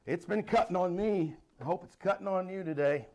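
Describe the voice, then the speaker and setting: Reading scripture and unpacking it for his congregation, a middle-aged pastor preaches with animation and the occasional laugh. He talks fairly quickly in a high voice.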